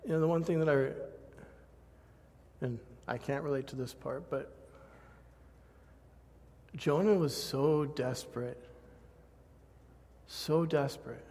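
A man's voice: a little high, takes it slowly, long pauses, a little mellow. A man preaching a sermon and telling a self-mocking personal story, laughing often. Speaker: pastor. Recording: long hall reverb.

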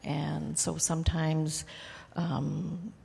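Woman congregant, halting testimony, very low flat voice, heavy vocal fry, hall reverb. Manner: halting, with many fillers. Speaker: congregation member sharing.

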